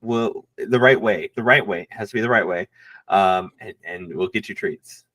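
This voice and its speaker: A man's voice: on the low side, normal speed, a bit bright, no room sound. A man playing a tabletop role-playing game, playful and hamming it up between laughs. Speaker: player.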